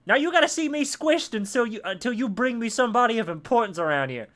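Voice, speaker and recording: A man's voice: very high-pitched, animated, quick pace, fairly bright tone, voice pushed up. A man voicing a defiant half-orc boy who talks in crude street slang. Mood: ranting.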